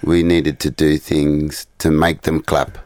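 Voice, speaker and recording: A man with an extremely low, deep voice talks in a relaxed, modest way as a musician guest on a radio show. The sound is dry and close, with little room around it. He chuckles easily between his answers. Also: takes it slowly, dry recording. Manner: modest and easygoing, laughs lightly. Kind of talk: casual radio interview. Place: radio studio.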